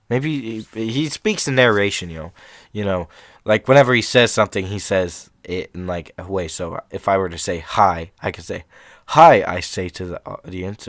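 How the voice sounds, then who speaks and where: A man's voice: fairly low pitch, no echo, studio quality. A young man reading short horror stories aloud in a casual, rambling way, breaking off for chatty asides.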